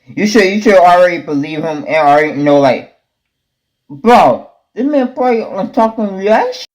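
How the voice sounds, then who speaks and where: A man's voice: high voice, animated, moderate pace, darkish tone, low-quality recording. A man chiming in on a reaction video with repetitive, emphatic asides. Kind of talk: casual reaction chat.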